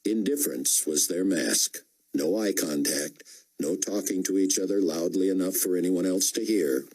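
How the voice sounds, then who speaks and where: A man narrating a novel as an audiobook, with measured storytelling. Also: low voice, darkish tone, breathy edge, poor audio. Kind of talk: scripted narration.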